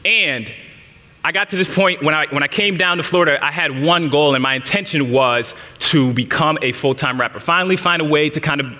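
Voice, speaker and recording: Man, 30s, preacher, candid personal storytelling, tense bright voice, reverberant church hall. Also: fairly high pitch, fairly quick. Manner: candid storytelling, speaks straight to the congregation. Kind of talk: sermon told as personal story.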